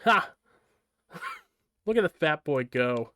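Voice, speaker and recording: Fierce coarse old granny, gruff and loud, read by a man. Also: medium pitch, animated, normal speed, no echo, close to an everyday voice. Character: fierce tough old grandmother, small and strong.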